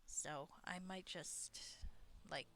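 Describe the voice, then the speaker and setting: A woman's voice: low voice, slow pace, pushed and bright. Wry woman streaming a game. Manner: chatty, wry, thinks aloud. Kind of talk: casual let's-play commentary. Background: game music.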